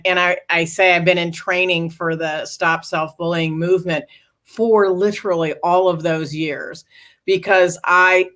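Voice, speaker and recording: A middle-aged woman, a guest author and speaker, earnestly recounting a personal story in an interview. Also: lowish voice. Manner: earnest, animated retelling with acted quotes.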